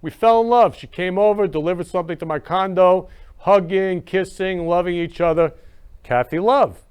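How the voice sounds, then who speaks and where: A man's voice: sits high, normal speed, darkish tone, clean tone. A man hosting a talk show, gushing and repetitive, talking in a casual monologue. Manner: effusive and repetitive, gushing about love. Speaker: show host.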